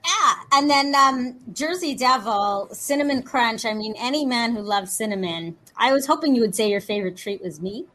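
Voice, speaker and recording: A woman chatting as a guest in a lively, playful, flirty way, joking as she talks. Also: a little high, normal speed, hardly any pauses. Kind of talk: lively casual chat.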